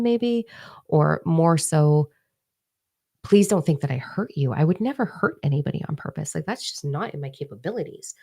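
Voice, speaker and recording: A woman's voice: sits low, creaky, a little mellow. A woman hosting a casual spiritual live chat, candid and swearing freely as she acts out her own reactions, speaking into a microphone. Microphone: microphone in front of her face.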